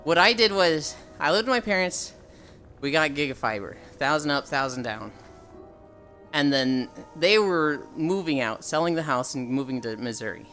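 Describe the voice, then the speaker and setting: Young streamer rambling to chat on a desk mic, swears a lot, faint music behind, mid pitch. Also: moderate pace. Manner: relaxed, rambling, swears freely, answers chat. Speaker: livestreamer chatting with viewers. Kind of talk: casual live-stream chat.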